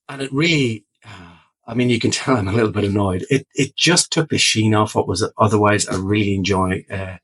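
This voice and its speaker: A man's voice: fairly low pitch, a bit bright, low-quality recording. A man giving a casual book review vlog, exasperated and ranting, swearing freely.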